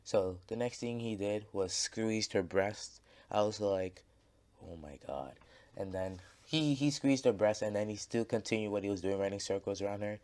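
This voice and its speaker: A man's voice: lowish voice, steady tone, normal speed, few pauses, a little mellow, clean tone. A man casually telling a story over gameplay, rambling and swearing, with lots of fillers and restarts. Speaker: gaming channel creator.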